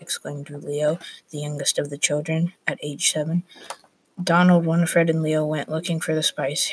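A student narrating a class story aloud, reading plainly with small restarts. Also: medium pitch.

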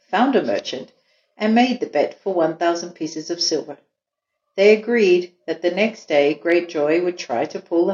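A woman hosting and slowly reading a children's story aloud in a gentle way. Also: on the low side. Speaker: storyteller host. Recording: echoey room, dull lo-fi sound.

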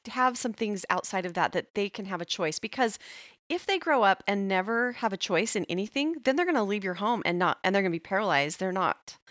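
A woman's voice: medium pitch, no room sound. Woman host, middle-aged; reflective and encouraging, dry close-up sound. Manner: warmly affirming, reflective. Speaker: podcast host. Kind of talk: casual interview.

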